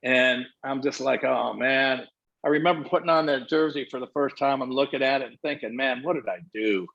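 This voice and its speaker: A man's voice: mid-range voice, brisk, vocal fry. An older man, a former baseball manager, telling stories in an interview and acting out the dialogue. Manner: animated storyteller acting out dialogue. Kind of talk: storytelling interview answers. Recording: muffled lo-fi audio.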